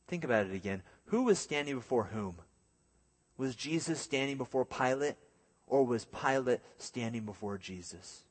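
A man's voice: medium pitch, in a large hall. A man preaching a sermon. He reads scripture aloud and then explains it, sometimes acting out the voices of people in the story.

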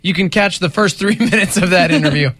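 A man's voice: high voice, brisk, fairly bright tone, no echo. A man co-hosting a casual morning radio show, jokey and playful, often slipping into silly voices.

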